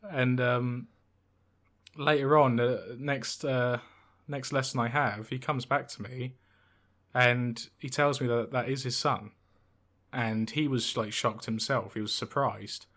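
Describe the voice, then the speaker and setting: A man's voice: medium pitch, steady tone, slow, fairly bright tone. A man of twenty-one, a podcast co-host, telling a story in casual chat with many fillers and restarts.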